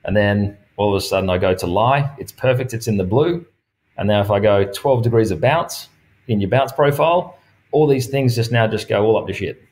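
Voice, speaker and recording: A man's voice: on the low side, fairly quick. A man with an Australian accent, a golf pro and coach talking as a guest in a casual interview, telling stories and acting out quoted dialogue with frequent laughs. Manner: lively storyteller who acts out quoted dialogue; laughs often while talking.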